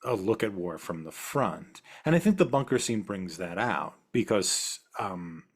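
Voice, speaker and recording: A man co-hosting a casual film discussion, talking through his points in a thoughtful, measured way. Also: low-pitched, expressive, slightly rough. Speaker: podcast co-host.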